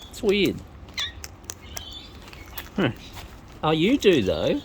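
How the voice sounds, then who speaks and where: A woman's voice: on the low side, huge pitch swings, slow, pauses often. A woman talking to wild birds in a coaxing, sing-song baby-talk manner while feeding them outdoors. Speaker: bird feeder vlogger. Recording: outdoor noise with bird sounds.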